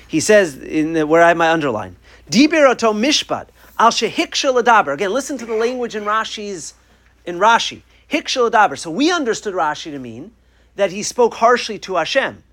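A man gives a Torah class in a high, lively voice that swoops up and down as he works through the sources. He reads Hebrew lines aloud and then plays out the back-and-forth between the figures with feeling. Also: a little fast. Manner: animated, quoting Hebrew texts and acting out exchanges. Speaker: Torah teacher. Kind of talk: Torah class on the weekly portion.

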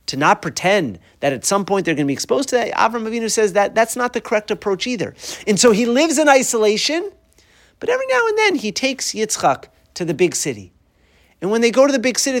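A middle-aged man with a high-pitched, somewhat bright voice leads a weekly Torah class conversationally, posing rhetorical questions and weaving in Hebrew and Yiddish terms.

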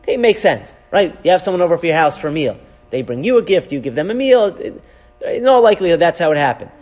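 A man teaching a Torah class as a rabbi, animated, asking rhetorical questions and weaving in Hebrew terms. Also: on the high side, fast talker. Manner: animated, asks rhetorical questions, frequent "right?".

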